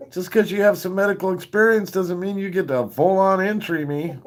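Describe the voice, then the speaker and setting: A man's voice: sits high, normal speed. A man telling crude, self-mocking stories on a live stream, laughing at his own jokes between coughing fits. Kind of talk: crude comic storytelling.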